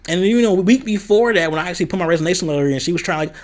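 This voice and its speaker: A man's voice: sits high, very fast, few pauses. A young man from the American Midwest, talking candidly in a casual vlog and venting about a past job. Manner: candid, venting, quoting others in a raised voice. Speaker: vlogger.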